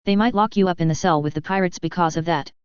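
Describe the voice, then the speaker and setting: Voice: mid-range voice, fast talker, smooth, no room sound, dull audio, natural voice. A narrator voicing a small, practical female alien in a suit who explains things plainly. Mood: matter-of-fact. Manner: plain, matter-of-fact, explaining.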